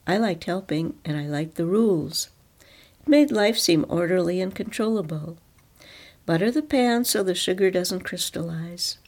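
Woman, story reading, calm, reflective, low voice, gravelly. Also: normal speed.

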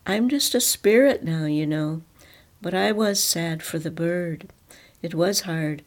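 A woman's voice: lowish voice, slow pace. A woman reading as a father's solemn spirit. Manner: solemn, quiet.

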